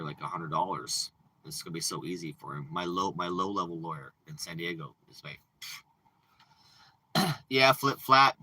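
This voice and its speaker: A man in a rambling, profane livestream rant, boasting and telling stories in a loose, unscripted way. His voice sits fairly low but has a hard, piercing edge. He talks into a phone from inside a parked RV. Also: pushed and bright, dry recording, rough recording. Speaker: live streamer. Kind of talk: casual rambling livestream chat.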